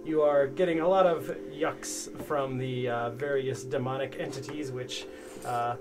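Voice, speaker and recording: A man's voice: mid-range voice, steady tone, unhurried. Man narrating a game recap over music. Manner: rambling, self-correcting narration. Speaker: game master.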